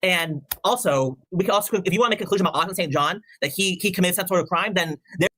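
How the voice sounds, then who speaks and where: A man in a casual chat, making a point quickly with halting restarts. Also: high voice, fairly bright tone.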